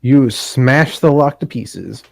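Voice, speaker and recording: A man narrating as game master in a tabletop game, describing the scene in a steady, matter-of-fact way. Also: medium pitch, slow, vocal fry, slight background noise.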